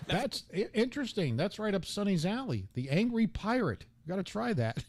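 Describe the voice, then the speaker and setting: A man's voice: sits high, sing-song, moderate pace, slight background noise. A man hosting a radio talk show, joking and bantering crudely between clips.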